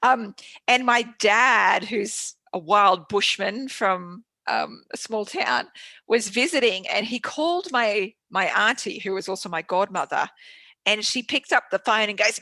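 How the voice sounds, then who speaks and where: A woman's voice: mid-range voice, animated, measured pace, bright, forceful tone, dry recording. A woman speaking as a guest in a casual interview. She is frank and swears freely. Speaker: podcast guest, business owner.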